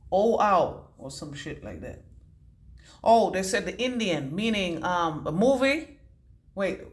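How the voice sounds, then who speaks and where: A woman giving a casual psychic reading to camera, rambling from one thought to the next, swearing casually and slowing down to stress key words. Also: lowish voice. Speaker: intuitive reader.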